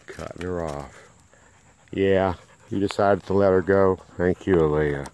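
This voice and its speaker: A man's voice: sits low, unhurried, a little mellow, a little hiss or hum, poor audio. A man filming his dogs in a front yard, chatting and coaxing them with repeated calls, recorded on a handheld camera mic. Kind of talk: casual vlog narration. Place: front yard outdoors in the country.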